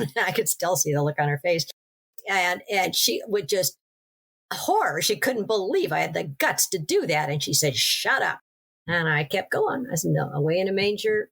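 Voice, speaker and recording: A woman, a podcast guest and author, telling her story in an interview in a lively way, with restarts. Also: low-pitched, gravelly. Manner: animated storytelling with laughs and restarts.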